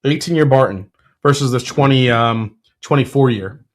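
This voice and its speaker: Male host, casual tasting talk, gets fired up, mid-pitched, lots of ums. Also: normal speed. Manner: excitable, blurts sports trash talk; frequent fillers and self-corrections. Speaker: whiskey reviewer, show host.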